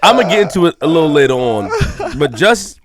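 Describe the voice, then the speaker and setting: A man's voice: on the high side, very animated, fairly quick, crowd noise. A man co-hosting a casual podcast with teasing, playful banter. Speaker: podcast co-host. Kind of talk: casual chat.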